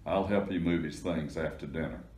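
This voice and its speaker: A man's voice: very deep voice, normal speed, a little mellow. A man voicing a wry, easygoing father in a plain storybook reading. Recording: echoey room.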